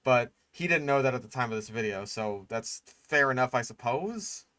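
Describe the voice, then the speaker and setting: A man's voice: mid-range voice, expressive, normal speed, sharp tone, dry recording. A man giving casual, profane live-stream commentary on a video, exasperated and sarcastic. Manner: exasperated, sarcastic, swears often.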